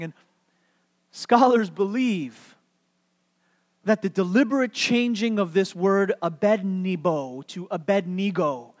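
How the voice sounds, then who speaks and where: A man's voice: sits high, big-room sound. A man preaching a sermon, telling a story with playful questions to the congregation and repeating key words for emphasis. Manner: playful, asks the audience questions. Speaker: pastor.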